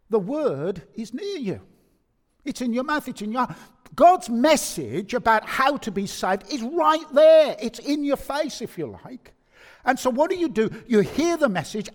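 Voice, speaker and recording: A man with a Birmingham accent preaches in a high, lively voice that swings widely up and down. He drives his points home with emphatic repetition and quick restarts. His words ring out with the long reverb of a large hall. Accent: Birmingham English. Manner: animated, emphatic, with frequent repeated-word restarts. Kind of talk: sermon.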